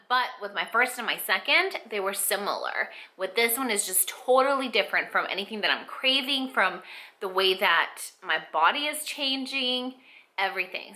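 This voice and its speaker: Young female vlogger, very bright voice, chatty and rambling, emotional and teary throughout. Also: medium pitch, expressive, normal speed. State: tearful. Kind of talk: casual pregnancy update vlog.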